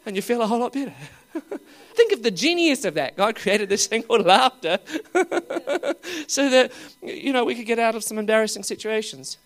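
A preacher giving a humorous sermon, asking the crowd questions and laughing often. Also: medium pitch. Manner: swings between loud exclaiming and dropping to quiet asides.

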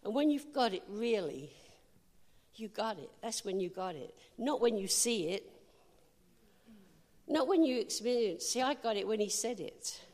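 A woman's voice: on the high side, lively intonation, a little slow, a little mellow. A woman preaching an informal sermon, chatty and humorous, with emphatic declarations. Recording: hall reverb.

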